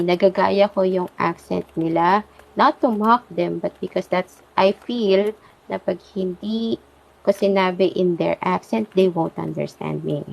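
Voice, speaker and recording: A woman hosting a podcast, chatting in a relaxed way and switching between Tagalog and English. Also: mid-range voice, gravelly, dull audio. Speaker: podcast host. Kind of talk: casual podcast chat.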